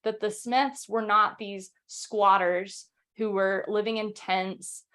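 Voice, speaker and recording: A woman's voice: medium pitch, steady tone, fairly bright tone. Young woman host rambling about history at home, lots of ums, restarts, reads quotes out. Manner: fast, chatty, many fillers and restarts, reads quotes aloud. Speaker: podcast host. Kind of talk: casual history talk. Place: home recording setup.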